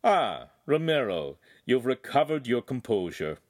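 A man voicing a shrewd, genial ruler in an audiobook, grand and measured in speech. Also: medium pitch, sing-song, no room sound, studio quality. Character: powerful older male ruler, genial and shrewd. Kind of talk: audiobook character voice.

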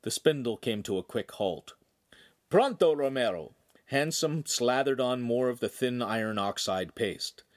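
A man narrating an audiobook in an expressive storytelling manner. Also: mid-range voice, moderate pace, hardly any pauses. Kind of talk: scripted narration.

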